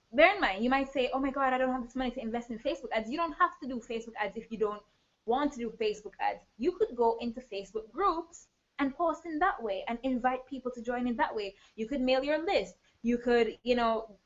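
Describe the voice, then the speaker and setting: Energetic woman coach, higher voice, live online training, dull lo-fi stream audio. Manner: energetic, addresses viewers directly. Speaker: business coach.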